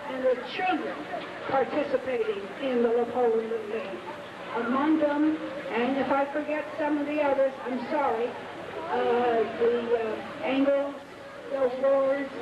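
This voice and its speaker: A woman giving an earnest, halting ceremony speech at an outdoor ballfield. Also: sits high. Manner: earnest, halting, with pauses and fillers. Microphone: PA microphone heard from afar. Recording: echoey PA from far off, dull and noisy.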